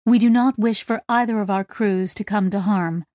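A woman voicing a calm, diplomatic female translator aboard a ship. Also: mid-range voice, normal speed, dry recording, clean studio sound, close to an everyday voice.

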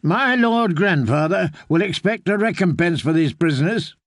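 A man's voice: high-pitched, animated, moderate pace, dry recording, studio quality, pitched above the performer's own voice. A man voicing a resentful young nobleman grieving his father in an audiobook. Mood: bitter. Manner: accusing, resentful. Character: bitter, grieving young male noble heir.

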